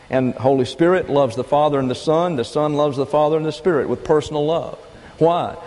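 A man preaching a doctrinal sermon, teaching in a measured, methodical way and repeating key phrases. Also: on the high side, darkish tone. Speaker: pastor. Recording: long reverb of a large hall.

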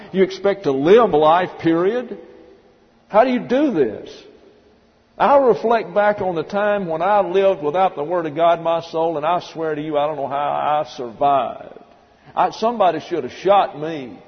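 This emphatic male pastor has a voice on the high side and preaches an expository Bible-teaching sermon in an echoing church. He works through the passage word by word and spells out Greek terms, and the recording sounds dull with long church-hall reverb.

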